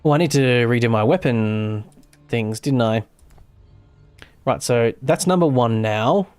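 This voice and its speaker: A man's voice: mid-range voice, measured pace, a little mellow, smooth, soft background music. Australian man streaming a game. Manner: rambling, self-correcting, swears casually. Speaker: gaming streamer. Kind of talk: casual live gameplay commentary.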